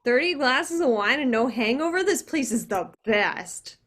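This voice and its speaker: A woman's voice: mid-range voice, animated, unhurried, a bit bright, a little hiss or hum. A woman reading a brash, drunk young woman in the afterlife, sarcastic and slurring, at a video call table read.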